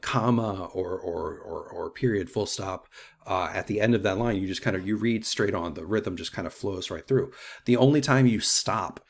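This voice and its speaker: A man teaching an unscripted mini lecture, talking loosely with many fillers and restarts. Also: on the low side.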